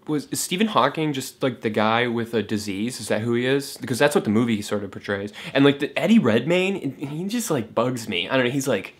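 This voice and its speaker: A man's voice: mid-range voice, animated, husky. A man ranting casually about films, swearing a lot and mocking what he dislikes, with many fillers and restarts. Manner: profane, fast, scornful, many fillers and restarts; mocks characters in a raised voice. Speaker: film vlogger. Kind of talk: casual rant to camera.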